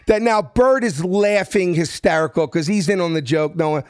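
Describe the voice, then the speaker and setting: Man, animated storyteller, acts out the voices, fairly high voice. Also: brisk, clean tone, no room sound, studio quality. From South Philadelphia. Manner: lively, acts out every voice in his story. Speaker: guest. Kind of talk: animated storytelling in a podcast interview.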